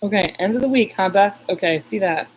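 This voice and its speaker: A woman's voice: medium pitch, a little fast, slight background noise, rough recording. A woman psychic medium telling a story in a casual live stream, rambling with many restarts and reading viewer comments aloud.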